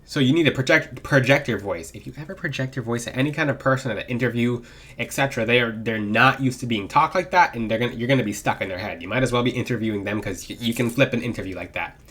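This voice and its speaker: A man giving casual spiritual advice in a vlog, rambling with restarts and swooping his voice up and down to demonstrate. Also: fast talker. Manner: animated, swooping pitch to demonstrate. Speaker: spiritual voice coach.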